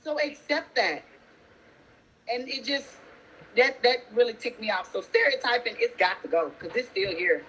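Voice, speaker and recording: A single mother and teacher telling a story in a sassy, animated way, talking straight to her listeners. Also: fairly high pitch, moderate pace, a little hiss or hum, low-quality recording. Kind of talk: casual storytelling.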